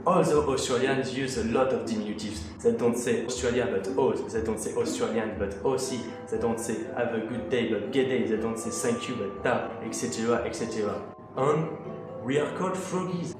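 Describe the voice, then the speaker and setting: A man's voice: mid-range voice, moderate pace, music in the background. A young Frenchman with a French accent, narrating a playful, mock-outraged comic vlog in English. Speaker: vlogger.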